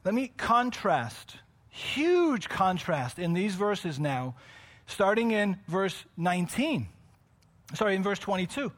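A man preaching a sermon to his congregation, dropping to quiet, close asides and rising to loud shouts, with frequent off-the-cuff self-corrections. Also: sits high, big pitch swings, slow. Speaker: pastor.

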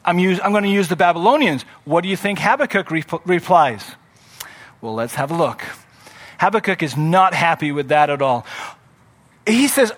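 A man delivers a sermon in a notably high voice. He reads scripture aloud and dramatizes the speakers with rising, emphatic energy, then drops back to a conversational teaching tone. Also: animated, normal speed, fairly bright tone. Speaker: pastor.

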